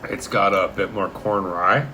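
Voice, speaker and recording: A man's voice: deep voice, measured pace, sharp tone, a little hiss or hum. A man co-hosting a casual whiskey tasting, swearing freely and cracking teasing jokes.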